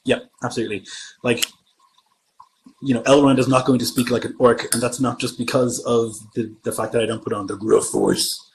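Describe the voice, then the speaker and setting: A man's voice: mid-range voice, lively intonation, brisk, vocal fry, slight background noise, rough recording. Man rambling casually as a game master. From Germany. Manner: meandering, thinking aloud. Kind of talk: casual livestream chat answering comments.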